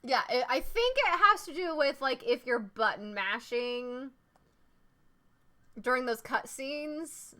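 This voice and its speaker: A woman live-streaming a game, chatting casually and excitedly with frequent laughs. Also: high-pitched, slow. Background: game music.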